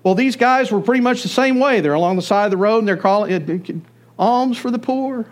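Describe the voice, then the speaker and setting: A man preaching a sermon, telling the story with animated storytelling. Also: sits high, fairly quick. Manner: animated storytelling, acts out voices. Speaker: pastor.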